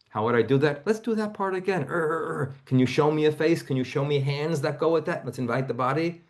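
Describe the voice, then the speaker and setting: A man leading a seminar gently walks a volunteer through a body-focused therapy exercise on a video call, frequently lowering his voice to a hush. His pitch is medium.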